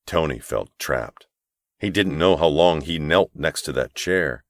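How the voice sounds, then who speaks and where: In a very deep voice, a man reads scripted audiobook narration with a measured, even storytelling delivery. The recording is dry and the studio sound clean.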